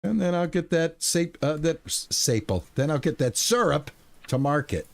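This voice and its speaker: A man's voice: fairly high pitch, moderate pace, vocal fry. A man streaming a video game, talking through his play in a rambling, playful way with goofy exclamations. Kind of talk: casual gameplay commentary.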